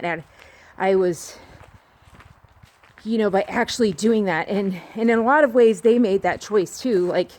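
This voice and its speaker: A woman's voice: mid-range voice, a little mellow. Woman vlogger, talking to a phone outdoors, earnest and digressive, mid-range voice. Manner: rambling and earnest, with frequent restarts. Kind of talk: candid personal monologue. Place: outdoors on a walk.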